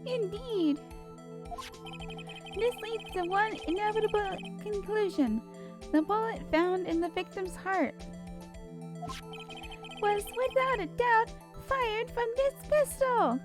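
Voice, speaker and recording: A woman's voice: very high voice, takes it slowly, pauses often, voice pushed up. A woman voicing an arrogant, pompous older male prosecutor in a theatrical reading of a video game. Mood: haughty. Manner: haughty, theatrical. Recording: game music behind.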